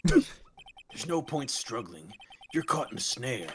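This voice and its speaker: A man voicing a cool, brooding male prosecutor in a fan game dub, speaking low, slow and smug. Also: very animated, noisy background.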